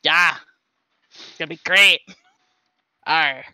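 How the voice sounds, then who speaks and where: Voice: medium pitch, lively intonation, unhurried, pushed and bright, no room sound, rough recording. A podcast co-host and game master chatting casually, laughing often and talking in a playful pirate voice.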